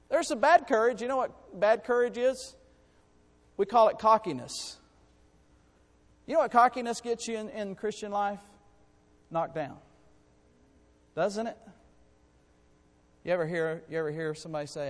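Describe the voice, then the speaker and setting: A man preaching a sermon. He swings between loud, rising exhortation and quiet asides, and reads scripture in slow, drawn-out phrases. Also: on the high side. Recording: long hall reverb.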